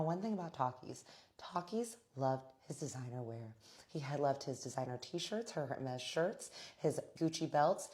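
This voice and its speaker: A woman with a strikingly deep, low voice hosts a storytime vlog. She recounts her tale vividly and bluntly, with casual swearing and a chatty y'all to her viewers. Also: darkish tone.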